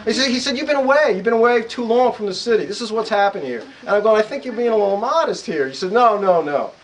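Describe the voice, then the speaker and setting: A middle-aged American man, an author and psychologist, telling animated stories to a live audience in a bookstore and acting out the voices of the people in them. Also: high voice, fast, slight background noise, poor audio. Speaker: author and psychologist giving a talk. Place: bookstore event room.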